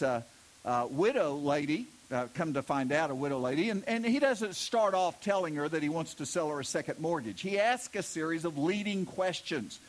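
A middle-aged man preaching a sermon as pastor, telling stories and stressing key words with emphasis. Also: on the high side. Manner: storytelling with emphatic preaching, voices quoted characters.

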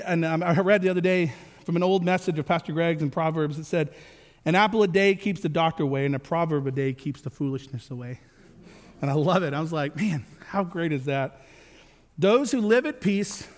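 A man in his thirties delivers a sermon in a high, bright-toned voice. He is earnest but slips in joking asides. His words ring out with the long reverb of a large church hall. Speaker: pastor.

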